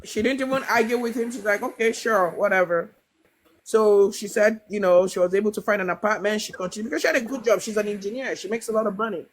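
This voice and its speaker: On a rough recording with a bit of hiss or hum, a livestream host speaks fast in a mid-range voice. Passing on a story she heard, she meanders, starts sentences over and leans on little fillers, now and then voicing the characters' quoted lines.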